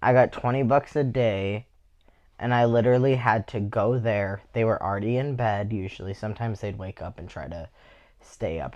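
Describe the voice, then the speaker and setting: A man's voice: fairly low pitch, normal speed, darkish tone, muffled recording. A man co-hosting a podcast, telling a story in a laid-back, casual way. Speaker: podcast co-host. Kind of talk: casual chat.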